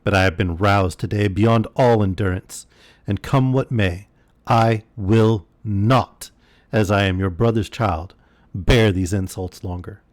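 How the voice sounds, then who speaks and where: A man's voice: lowish voice, a little slow, dry recording, natural voice. A man reading aloud and voicing a proud young woman in distress, earnest and pleading.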